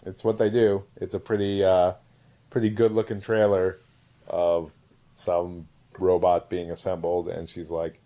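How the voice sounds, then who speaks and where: A man's voice: low-pitched, level tone, normal speed, warm tone. A man co-hosting a podcast in casual comedic chat, retelling things animatedly and mimicking people he quotes. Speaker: podcast co-host.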